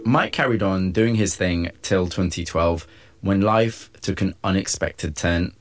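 Deep-voiced male documentary narrator. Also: measured pace. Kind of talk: scripted narration.

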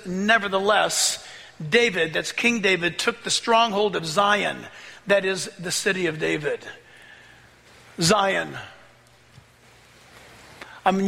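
A pastor preaching a sermon with excitable energy, often laughing and rising into shouts as he reads scripture. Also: sits high. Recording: long reverb of a large hall.

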